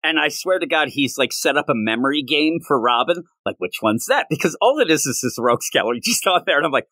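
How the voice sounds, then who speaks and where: Brief: lively male comics podcaster, bright tone, jokey riffing, dry close mic. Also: medium pitch, fast, hardly any pauses, no room sound. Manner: animated, jokey, puts on silly voices while riffing. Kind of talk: casual chat.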